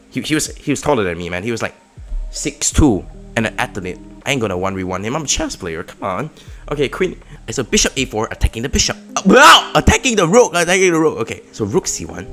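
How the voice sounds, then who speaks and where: A man giving casual, excitable commentary on his own chess game, with sudden loud outbursts. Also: on the low side. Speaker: chess vlogger.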